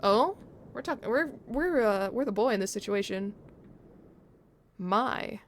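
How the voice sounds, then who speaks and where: A woman's voice: mid-range voice, expressive, measured pace, a little hiss or hum. Chatty woman streamer reading aloud. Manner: chatty, laughing, muses on pronunciation. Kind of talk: reading a game's story aloud to chat.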